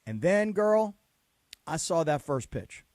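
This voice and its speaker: A man hosting a sports radio show, talking in casual, teasing banter and spinning animated stories. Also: a little high, takes it slowly, no room sound, clean studio sound. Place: radio studio.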